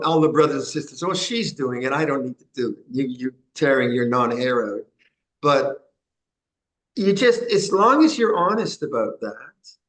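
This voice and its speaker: An older man with a somewhat high voice answers a question as a Buddhist monk teacher in a Dhamma session. He talks frankly and casually, chuckling at times and repeating key phrases. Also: poor audio.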